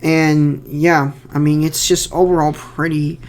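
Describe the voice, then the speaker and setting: A man's voice: on the high side, little pitch movement, measured pace. Rambling young man giving casual commentary. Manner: rambling, many fillers and repeated words. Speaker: fan filmmaker giving director's commentary.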